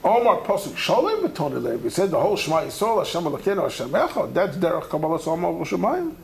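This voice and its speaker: Guy teaching talmud, kinda high voice w gravelly fry, chatty and animated. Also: fast, a little hiss or hum, poor audio. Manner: animated, conversational, acts out the texts he quotes. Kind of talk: Talmud study lecture.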